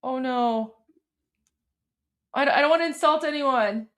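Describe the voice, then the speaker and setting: A woman hosting a casual livestream, gushing and excitable, repeating herself and calling viewers "guys". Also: sits high, unhurried. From Iran. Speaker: livestream host.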